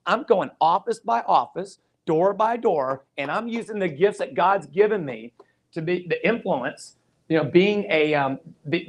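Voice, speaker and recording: A man giving an earnest campaign stump speech. He retells past conversations in quoted dialogue and drives his points home with repeated phrases. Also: high-pitched. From Georgia, USA. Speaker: political candidate.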